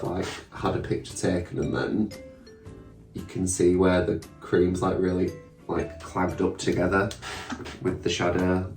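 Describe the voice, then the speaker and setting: A young man talks casually through a drag makeup routine, joking at his own expense and swearing now and then. His voice sits low. The room gives an echo, with faint music behind him. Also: darkish tone, far from the mic. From England. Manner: chatty, self-mocking, sweary asides. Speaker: drag queen vlogger. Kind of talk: casual makeup tutorial chat.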